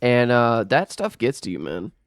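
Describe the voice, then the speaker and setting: A man's voice: medium pitch, sing-song, moderate pace, vocal fry, no echo. A young man telling a rambling, aggrieved storytime rant while gaming, swearing and restarting his sentences often. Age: young adult. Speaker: gaming vlogger.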